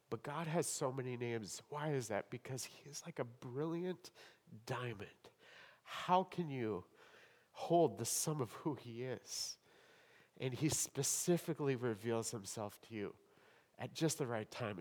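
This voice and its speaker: A man preaching a sermon in a church hall, with dramatic swings between loud emphasis and hushed tones. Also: mid-range voice. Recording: long hall reverb.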